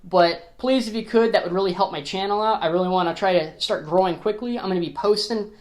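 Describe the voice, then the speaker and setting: A man's voice: high-pitched, fast. A man sounds off about a film he disliked in a loose, conversational rant. His talk is blunt and sprinkled with profanity, and he trips over and restarts his words. He keeps reaching for his viewers with "like" and "you know what I mean". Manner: restarts and repeats words often. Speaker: film reviewer on his own channel. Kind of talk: casual opinion rant to camera.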